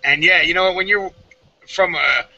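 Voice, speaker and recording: A man's voice: sits high, normal speed, bright, forceful tone. A man on a casual panel telling blunt, profane stories from his working life, often checking "right?". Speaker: panel guest, blacktopper. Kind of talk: casual storytelling. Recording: muffled lo-fi audio.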